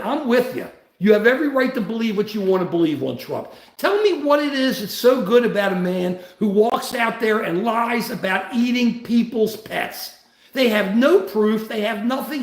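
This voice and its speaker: A man's voice: very high voice, a bit bright, reverberant. An older man hosting a political livestream, blunt and ranting, greeting viewers between points. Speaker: livestream host.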